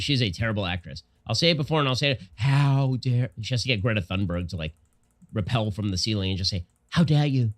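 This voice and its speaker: Fast-talking sarcastic male commentator. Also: lowish voice. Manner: mocking, deadpan sarcasm. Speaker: political commentator.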